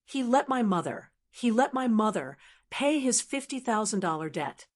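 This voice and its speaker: A woman voicing an angry grown son who confronts his in-laws, speaking with quiet bitterness that turns into raised accusation. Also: very high voice, sing-song, moderate pace, exaggerated voice. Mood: bitter anger.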